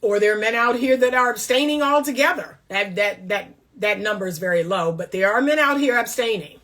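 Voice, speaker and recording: A woman's voice: medium pitch, fairly quick, a bit bright. A woman relationship coach giving blunt, emphatic faith-based commentary in a casual talk.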